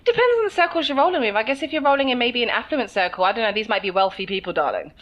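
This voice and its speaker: A woman's voice: fairly high pitch, lively intonation, rapid-fire, fairly bright tone, muffled recording. A woman with a London accent co-hosting a podcast, chatting casually and laughing often. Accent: London English. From England. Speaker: podcast co-host. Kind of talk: casual chat.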